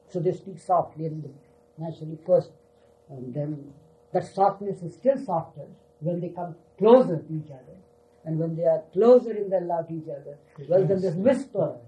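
Older male storyteller, mellow and dark tone, relaxed reminiscing talk. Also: sits high, rough recording. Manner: unhurried, repeats "you see" often. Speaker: storyteller recalling his teacher.

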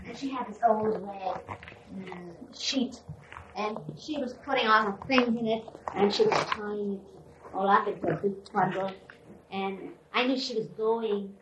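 Gentle woman in an echoey room. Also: medium pitch, steady tone, muffled recording. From India (Pune). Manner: gentle, unhurried, with pauses and restarts. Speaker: spiritual speaker recounting memories. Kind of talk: reflective spiritual talk. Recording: echoey room, distant mic, background noise.

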